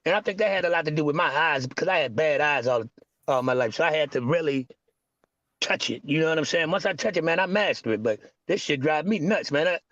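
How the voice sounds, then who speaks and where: A man's voice: a little high, fast, fairly bright tone, dry recording, lo-fi sound. A middle-aged man talking casually, stammering and rambling with frustration. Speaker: podcast guest. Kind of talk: casual chat.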